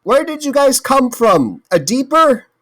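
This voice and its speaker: A woman voicing a panicky adventurer who yells high commands. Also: sing-song, unhurried, full character voice. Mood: urgent. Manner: frantic yelling.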